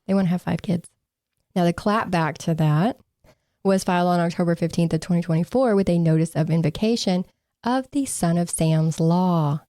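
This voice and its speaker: Sarcastic woman podcaster, dry and mellow. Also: fairly low pitch, moderate pace, dry recording. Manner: sarcastic, laughing, mocking quotes. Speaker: podcast co-host. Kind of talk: casual true-crime podcast chat.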